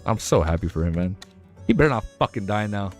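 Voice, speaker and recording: A man's voice: lowish voice, expressive, quick pace, faint music behind. A man livestreaming as he reads a novel aloud, often breaking off to exclaim "oh, man" and "dude" as the story moves him. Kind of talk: reading a novel aloud with casual reactions.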